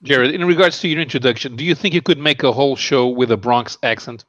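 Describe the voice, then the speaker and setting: A man co-hosting a casual show, explaining things with pauses and hesitations. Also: mid-range voice, a bit bright, no room sound, lo-fi sound. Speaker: co-host. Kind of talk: casual chat.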